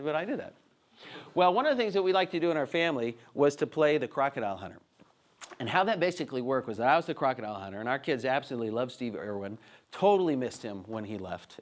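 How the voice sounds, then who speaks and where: Animated joking dad telling stories. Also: male voice, on the high side. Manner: animated storyteller, self-mocking jokes. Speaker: speaker. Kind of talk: humorous teaching talk.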